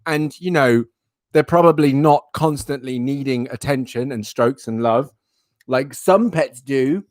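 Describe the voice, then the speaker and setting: A man's voice: medium pitch, measured pace, a little mellow, dry recording. A young man hosting a live stream, chatting in a playful, rambling, self-mocking way. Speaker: livestream host. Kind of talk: casual live-stream chat.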